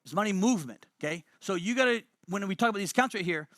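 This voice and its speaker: A man's voice: sits high, lively intonation, quick pace, a bit bright, dry recording, studio quality. A man presenting a motivational money webinar, emphatic and fond of repeating key lines.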